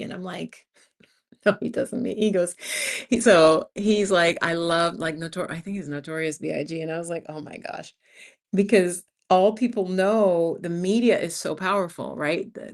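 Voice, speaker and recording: A woman's voice: on the low side, darkish tone. Chatty, rambling New woman in her fifties. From United States. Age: 50s. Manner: rambling storyteller, chatty, laughs often, acts out quotes. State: tired from lack of sleep. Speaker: channel host. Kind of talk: casual livestream chat.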